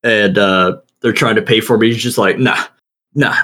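Halting man chatting with friends. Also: fairly low pitch, fairly even intonation, a bit bright. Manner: halting, many restarts and fillers, laughs often. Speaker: podcast co-host. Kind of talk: casual chat.

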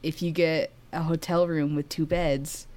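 Chatty young woman with a low voice. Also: level tone, a little slow, a little mellow. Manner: chatty, laughs often, many "like" fillers. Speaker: guest sharing a travel story. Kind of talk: casual chat.

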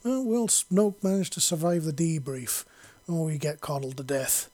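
A man's voice: a little high, expressive, normal speed, a little mellow. A man reading a serialized story aloud in a casual, chatty way.

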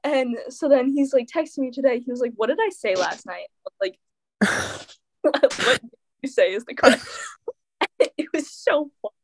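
A woman's voice: high-pitched, normal speed, long pauses. A teenage girl telling a dramatic personal story in casual chat, full of fillers and quoted dialogue. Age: teens. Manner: animated storytelling, many fillers. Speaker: teen guest.

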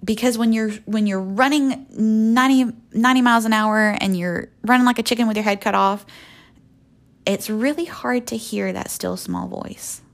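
Earnest woman with a gravelly edge. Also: a little high, moderate pace. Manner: earnest, folksy, with soft laughs. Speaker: podcast host. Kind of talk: faith podcast monologue.

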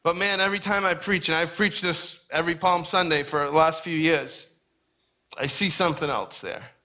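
A middle-aged man gives a sermon in a relaxed, conversational manner and slips in friendly asides. His voice sits a little high and rings bright and clear. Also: normal speed. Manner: conversational, folksy preaching with asides. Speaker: pastor.

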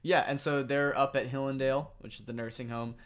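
A man co-hosting a podcast in casual chat, animated and laughing often. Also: mid-range voice, brisk. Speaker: podcast co-host.

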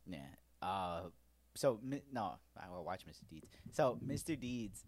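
A man's voice: deep voice, measured pace. A man co-hosting a podcast, retelling comedy movie scenes in a casual chat and swearing freely. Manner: animated storyteller who swears casually. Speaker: podcast co-host.

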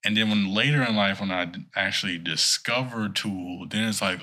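A man with a slightly low, bright, forceful voice and a husky edge. He spins a rambling, playful tale in relaxed podcast chat. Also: normal speed. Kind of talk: casual chat.

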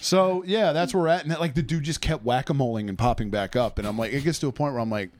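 A man's voice: medium pitch, quick pace, darkish tone, slight background noise. A man in his thirties co-hosting a podcast, riffing sarcastically and swearing in casual chat. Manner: sarcastic, swears freely, riffs. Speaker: podcast co-host.

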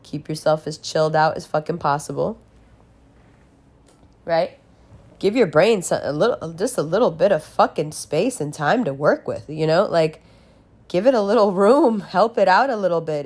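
Young woman with a low voice just chatting away, swears a lot, laughs a bunch. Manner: candid, swearing, laughing often. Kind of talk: casual storytelling monologue.

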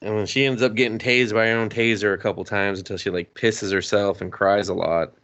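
A man co-hosting a podcast in casual chat, sarcastic, profane and quick to laugh. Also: on the low side, fairly even intonation, fairly bright tone, dull audio. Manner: swearing, sarcastic, laughs often. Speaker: podcast co-host.

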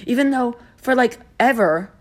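A woman's voice: a little high, expressive, moderate pace. A young woman in casual chat with friends, rambling, giggly and sarcastic.

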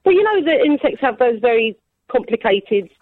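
A woman's voice: fairly high pitch, big pitch swings, normal speed, dry recording. Female caller, chatty and teasing, phone-line sound. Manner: playful, chatty.

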